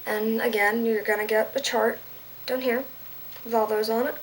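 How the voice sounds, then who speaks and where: A woman's voice: on the high side, flat delivery, normal speed, a little hiss or hum, rough recording. Playful woman teaching Latin verbs. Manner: playful, goofy asides and self-deprecating jokes. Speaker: Latin tutor. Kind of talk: casual video lesson.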